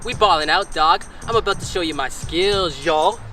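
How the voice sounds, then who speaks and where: A man's voice: sits high, moderate pace, music in the background, natural voice. A young man in a comedy sketch playing a white guy who puts on heavy street slang and swagger. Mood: boastful.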